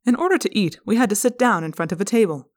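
A woman's voice: medium pitch, lively intonation, fast talker, natural voice. Woman voicing a curious alien boy in human form; careful, literal delivery, fan audiobook. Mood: earnest. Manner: careful, literal, formal cadence.

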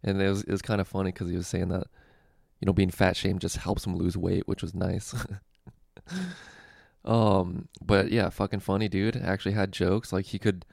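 A man's voice: deep voice, level tone, moderate pace, creaky, a little mellow, no room sound, clean studio sound. A young man casually telling a story with lots of fillers, swearing and laughter, hosting a comedy podcast. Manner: laid-back, profane, lots of fillers and laughs.

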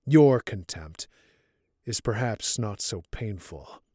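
A man reading the part of a scarred older man gravely confessing that he betrayed his rescuer, in an audiobook story. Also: on the low side, lively intonation, takes it slowly, mellow, no echo, studio quality, exaggerated voice. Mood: grave confession.

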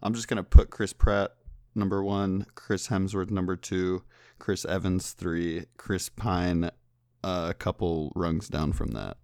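Low dude cracking jokes on a movie podcast, dry close sound. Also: male voice, steady tone, measured pace, a little mellow, no echo. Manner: joking, offhand. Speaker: podcast co-host. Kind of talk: casual movie chat.

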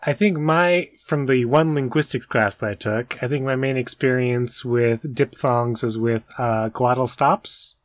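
A man with a mid-range voice co-hosts a relaxed educational podcast and jokes about himself. The recording is dry and close, with no room sound. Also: mid-range voice, a little slow, few pauses, no room sound. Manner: self-deprecating, jokey. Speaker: podcast co-host. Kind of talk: casual educational chat.

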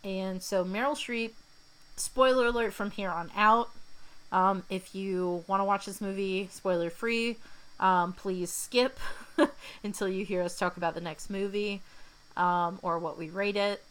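A young woman co-hosts a podcast at a measured pace, her medium-pitched, fairly bright voice keeping a fairly even intonation. She chats casually through a scene-by-scene film recap, quoting characters in their voices, though the recording is low quality.

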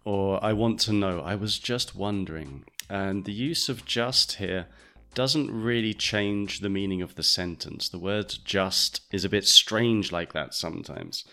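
A man hosting an English-learning podcast, patiently explaining pronunciation step by step and repeating phrases slowly. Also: lowish voice, bright, forceful tone. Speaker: English teacher and podcast host.

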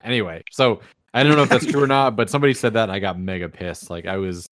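Young man, casual chat host, loose, low voice, dry close sound. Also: fast talker, a bit bright, no echo. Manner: loose, swearing, filler-heavy. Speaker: host asking the group.

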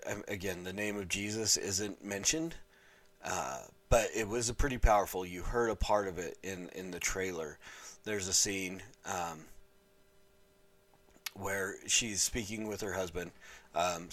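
A man speaking earnestly and haltingly to camera as an evangelist vlogger, often pausing to search for words. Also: deep voice, fairly bright tone. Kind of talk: unscripted talk to camera.

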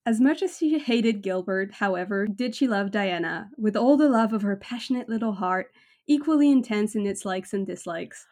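A woman hosting a casual podcast chat, reading book extracts aloud with lively expression and laughing often. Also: mid-range voice, normal speed. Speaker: podcast host.

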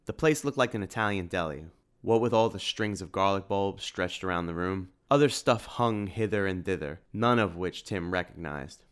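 Smooth low-voiced male narrator. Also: moderate pace, a bit bright. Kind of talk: audiobook narration.

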